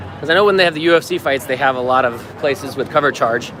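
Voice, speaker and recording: Easygoing male vlogger from the US narrating a walking tour on a phone, city noise clear behind. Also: mid-range voice, fast, a crowd in the background. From United States. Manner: chatty, easygoing, laughs often. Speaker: vlogger and circus performer. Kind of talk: live-stream walking tour. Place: outdoors on a city street. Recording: outdoor street noise.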